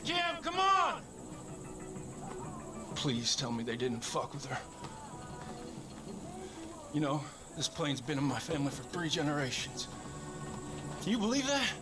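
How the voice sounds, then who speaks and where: A man voicing an excitable swearing pilot. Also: on the high side, moderate pace, long pauses, music in the background, natural voice. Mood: excited. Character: desperate rural male pilot, family man. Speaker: video game character.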